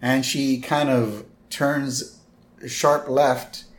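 Male podcast co-host, mid-pitched voice, relaxed recap with lots of fillers. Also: extremely slow. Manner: retells scenes with quoted lines, fillers and "right?". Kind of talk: casual episode recap.

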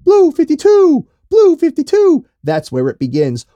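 Man doing a high, loud, whiny water boy impression, stammering and dim. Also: wildly swooping pitch, measured pace, no room sound, full character voice.

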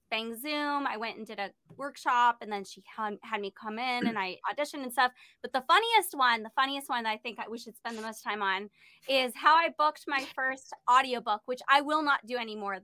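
Bright high-voiced woman telling stories. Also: moderate pace, no echo. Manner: laughing, lively, self-mocking storyteller. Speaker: voice actress, panel guest. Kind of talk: animated anecdote telling.

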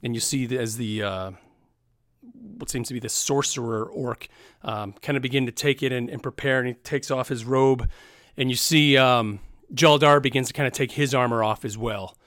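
A man's voice: medium pitch, fairly even intonation, moderate pace, fairly bright tone, dry recording, clean studio sound. A young man narrating a tabletop game as dungeon master, casual and rambling with many fillers.

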